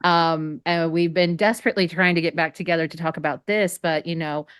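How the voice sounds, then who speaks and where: A woman's voice: low-pitched, fairly even intonation, fairly quick, fairly bright tone, clear, resonant tone, dry recording, studio quality. A woman joining a panel over a video call, chatty and bubbly, with many fillers. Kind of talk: casual chat on a video call.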